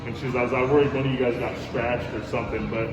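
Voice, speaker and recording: Over music in an echoey room, a man with a mid-range voice rattles off a ghost story very fast; he's a hotel manager chatting casually. He animatedly acts out what people said and keeps saying "bro" and "dude," and the recording is rough.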